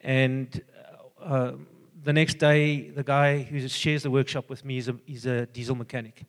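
A man's voice: medium pitch, little pitch movement. Older man with a hall echo. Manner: earnest, halting storytelling with many fillers and restarts. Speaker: church member giving a testimony. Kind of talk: personal testimony.

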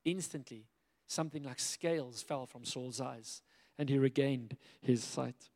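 A man preaching a sermon in a lively way, acting out the dialogue of biblical figures as he retells the stories. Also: mid-range voice, measured pace. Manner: animated, acts out biblical dialogue in quoted voices. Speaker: pastor. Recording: long hall reverb.

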